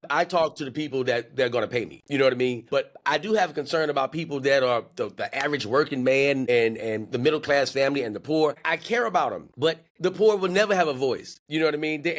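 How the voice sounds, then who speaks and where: A man, a comedian guest on a podcast, talking casually and profanely, often slipping into mock voices to act out other people. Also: on the high side. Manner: animated storyteller who slips into mock voices; profane, emphatic.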